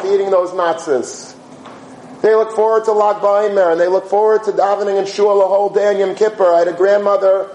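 A man giving an animated sermon-style talk to students, telling stories, asking rhetorical questions and mixing in Yiddish and Hebrew words. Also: sits high. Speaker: yeshiva teacher giving a talk. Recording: roomy echo, faint background hum.

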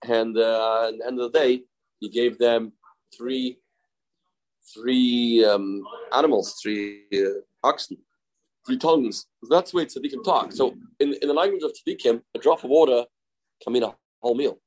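A man's voice: medium pitch, normal speed, poor audio. A man teaching a Talmud study lesson in a conversational way. He repeats his points, gives everyday examples and mixes English with Hebrew and Aramaic study terms.

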